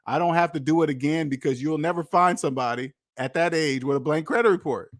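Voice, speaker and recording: A man in his forties with an American accent talks loosely on a livestream, his voice sitting slightly higher than most men's. The sound is close and dry, with no room around it. He rambles through stories with plenty of restarts. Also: fast talker, dry recording. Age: 40s. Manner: rambling storytelling with many restarts. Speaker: host of a debt-free finance livestream. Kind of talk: casual livestream chat.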